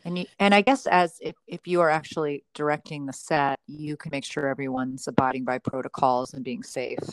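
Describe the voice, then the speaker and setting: Female podcast host, deep-pitched, friendly prompts, dry sound. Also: steady tone, a little fast, dry recording, low-quality recording. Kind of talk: casual interview.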